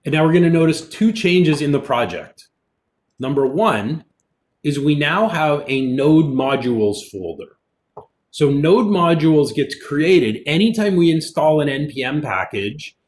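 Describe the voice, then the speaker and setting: A man's voice: on the high side, unhurried. Man teaching a coding class. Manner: relaxed, explanatory, thinks aloud with fillers. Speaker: college programming instructor. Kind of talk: recorded online lecture with screen demo.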